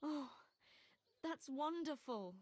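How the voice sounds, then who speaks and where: A woman's voice: high voice, lively intonation, slow pace, a little mellow, dry recording. A woman voicing a devout, obstinate young peasant woman who believes she has seen visions, speaking earnestly in a video game. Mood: fervent.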